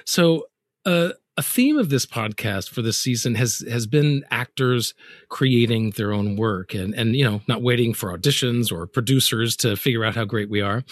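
A man's voice: mid-range voice, dry recording, clean studio sound. A man hosting a podcast, asking thoughtful interview questions with occasional small stumbles and repeated words. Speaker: podcast host.

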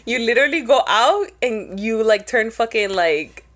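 A woman's voice: fairly high pitch, lively intonation, moderate pace. Casual slangy woman podcaster. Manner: casual and slangy, says "bro", switches between English and Spanish. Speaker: podcast co-host. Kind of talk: casual chat.

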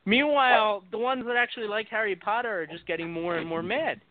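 A man's voice: sits high, fairly quick, dry recording. A man hosting a casual chat, telling rambling stories and laughing often. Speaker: podcast host. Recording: dry, phone-like audio.

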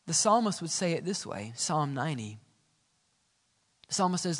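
A middle-aged man preaching a sermon as pastor, building intensity and then dropping to soft, low tones on key lines. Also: big pitch swings, normal speed, pauses often. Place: church sanctuary. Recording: reverberant church sanctuary.

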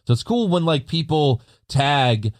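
A man's voice: fairly high pitch, very animated, unhurried. A man co-hosting a podcast, recapping wrestling matches play by play in casual chat, swearing and laughing as he goes. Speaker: podcast co-host.

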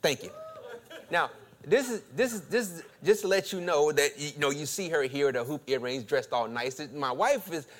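A preacher with a somewhat high voice tells a story from the pulpit, laughing often and stumbling over his words. He talks in an animated, lively way and then settles into a calm sermon. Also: normal speed. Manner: animated, laughing, stammering restarts. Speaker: pastor.

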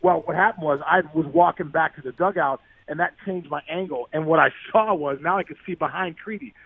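A man telling a long sports story in a podcast interview, animated and tumbling over his words with restarts. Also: on the high side, vocal fry, husky, no echo. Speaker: guest, former baseball player. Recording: dry, phone-like line.

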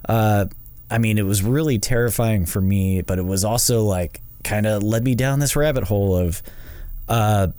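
A man's voice: on the low side, normal speed, warm tone, clean tone, no echo. A man co-hosting a podcast in casual chat, talking with frequent hesitations and restarts. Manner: hesitant, many restarts and fillers. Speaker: podcast co-host.

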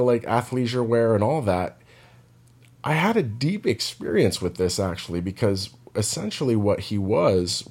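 A man's voice: sits low, darkish tone, slightly rough. A man telling a story in a casual, reflective monologue, rambling with many restarts and repeated words.

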